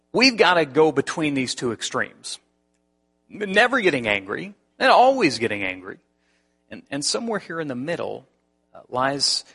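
A male pastor delivers a sermon, animatedly recounting a personal story in a bright, forceful voice. His pitch sits in the mid-range with a breathy edge, and he keeps restarting phrases as he speaks.

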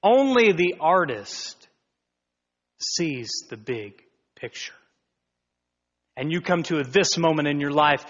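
A man preaches with a bright, forceful, fairly high voice, swinging from near whispers to loud exclamations. He takes his time and lets words hang. The recording is dull and carries a long hall echo. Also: expressive, slow, pauses often. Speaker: pastor. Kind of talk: sermon.

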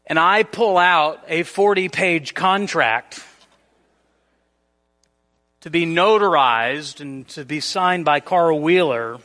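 A man preaching a sermon in a church, explaining scripture and acting out everyday scenes in a lively way. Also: fairly high pitch, slow pace, pauses often, big-room sound. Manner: animated, acts out everyday scenarios. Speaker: pastor. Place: church sanctuary.

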